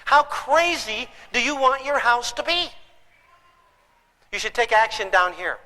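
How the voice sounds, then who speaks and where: A man gives a comic parenting lecture, talking animatedly and breaking into shouted sound effects. His voice is very high and bright. The sound has the long reverb of a large hall. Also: expressive, measured pace. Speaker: parenting speaker. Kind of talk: humorous lecture to an audience.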